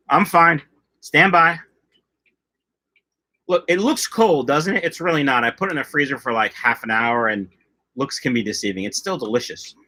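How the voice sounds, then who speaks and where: A man's voice: mid-range voice, normal speed, long pauses, sharp tone. A middle-aged man hosting a casual livestream, chatting loosely and reading out viewer comments in a jokey way. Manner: chatty, jokey, drifts off topic. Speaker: livestream host of a fish-keeping channel.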